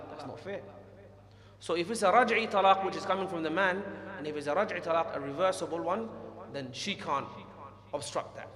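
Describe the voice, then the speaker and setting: Animated man teaching in an echoey hall. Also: fairly high pitch. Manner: animated, scolding, acts out quotes. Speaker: Islamic teacher. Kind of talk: classroom lesson with questions. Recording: echoey hall, long reverb.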